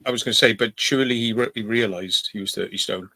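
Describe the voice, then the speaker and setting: A man's voice: fairly low pitch, quick pace, bright, forceful tone, no room sound. A man in a casual chat, plain-spoken and dry, with a joking edge.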